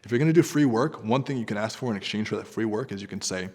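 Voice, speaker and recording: A man giving freelancing advice straight to the camera, talking in a direct, conversational way that turns animated. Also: on the low side, rapid-fire, long reverb tail. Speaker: entrepreneur guest giving advice.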